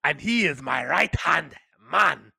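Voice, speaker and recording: Boastful male wrestler played by a man, thick put-on Nigerian accent, slow and grand, bright and gravelly. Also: a little high, expressive, dry recording, clean studio sound, heavily acted. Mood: grandiose. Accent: exaggerated Nigerian, put on.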